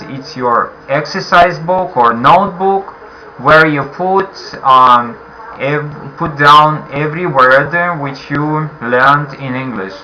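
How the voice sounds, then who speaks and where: Slow, patient male English teacher. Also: fairly high pitch, pushed and bright, slight background noise, poor audio. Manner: slow, patient, repeats questions and waits for answers. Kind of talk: online class for beginners.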